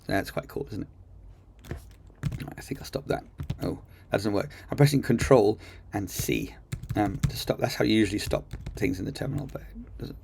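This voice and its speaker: A man's voice: on the low side, moderate pace, vocal fry, a little mellow, a little hiss or hum. A man casually walking through a screen-recorded coding tutorial, chatty and enthusiastic, thinking aloud with lots of ums. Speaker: coding teacher. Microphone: computer mic while screen recording.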